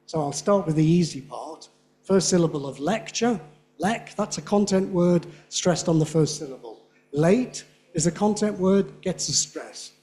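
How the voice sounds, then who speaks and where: A man delivers a lecture at a conference, speaking with a fairly high pitch. He keeps asking the audience "yeah?" to check that they follow. To show a speech pattern, he chants syllables on a steady beat. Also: a little slow. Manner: frequent "yeah?" checks, demonstrates rhythms by tapping and chanting syllables. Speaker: lecturer on English pronunciation. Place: lecture hall.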